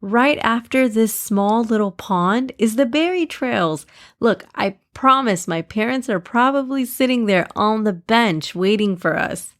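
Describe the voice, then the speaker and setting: A woman's voice: mid-range voice, unhurried, close to an everyday voice. A woman voicing a kind, confident young girl who knows the trails, in a children's storybook. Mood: excited. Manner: reassuring, eager.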